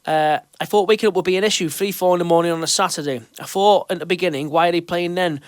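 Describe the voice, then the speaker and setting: A man's voice: high-pitched, quick pace, smooth, dry recording, studio quality. A man hosting a fan show in casual chat, reading out questions and reassuring listeners. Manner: chatty and reassuring, with loose restarts. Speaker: podcast host.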